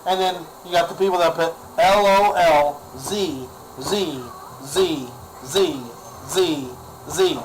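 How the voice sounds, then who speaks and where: A man's voice: fairly high pitch, takes it slowly, a little hiss or hum, low-quality recording. A man ranting in a casual vlog, exasperated and sarcastic, often repeating himself. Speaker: vlogger.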